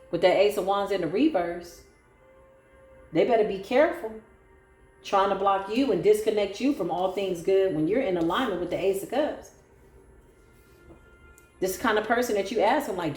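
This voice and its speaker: Sassy woman tarot reader, mid pitch, roomy echo, faint music under her. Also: darkish tone. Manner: sassy, sarcastic, preachy. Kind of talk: solo tarot reading. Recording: echoey room with faint music.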